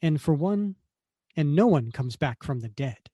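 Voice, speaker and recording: A man's voice: on the high side, animated, unhurried, dark tone, husky, dry recording, muffled recording. A man voicing a stern, commanding Italian countess who runs a spy agency, with a put-on Italian accent.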